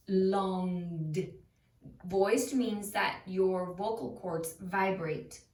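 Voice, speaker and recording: A woman teaching a phonics lesson, who repeats sounds and words slowly to show how they are said. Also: mid-range voice, recorded from a distance. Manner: slow, repeats sounds to demonstrate them. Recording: roomy, voice from off the mic.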